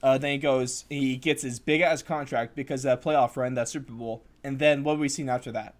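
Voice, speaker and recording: A man's voice: medium pitch, steady tone, fairly quick. A man hosting a casual sports podcast, talking in a loose, rambling way and swearing now and then. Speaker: podcast host.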